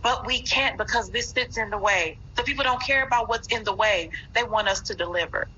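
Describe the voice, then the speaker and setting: A woman's voice: on the high side, fairly quick, bright, forceful tone, a little hiss or hum. A woman politician answering interview questions in a firm, speech-like delivery. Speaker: politician guest. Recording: dull lo-fi clip with faint ambience.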